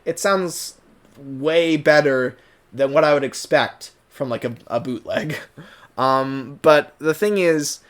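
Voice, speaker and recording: A man's voice: a little high, slow pace. A man giving casual, rambling commentary on a cartoon dub, full of restarts and little laughs.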